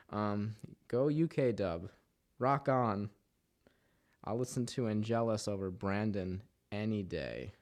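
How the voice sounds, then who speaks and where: Man, script read-through, stumbles and apologizes, animated pitch. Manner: stumbles over words, apologizes and rambles. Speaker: voice actor reading narration.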